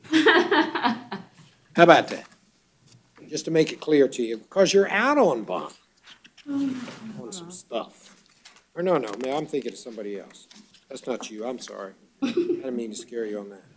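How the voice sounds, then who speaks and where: A man presiding as judge at a court bond hearing, reading charges briskly and dropping dry wisecracks. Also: medium pitch, a little mellow, a little hiss or hum.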